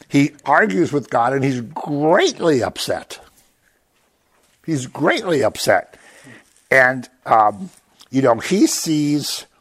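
Lively, animated man leading a Bible study. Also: mid-range voice. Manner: animated, acts out quoted lines in raised voices, chuckles often. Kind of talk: casual Bible study teaching.

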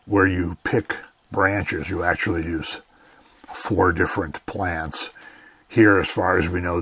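A man's voice: sits low, slightly rough. A man giving a radio Bible teaching in an earnest, conversational way, often saying "you know".

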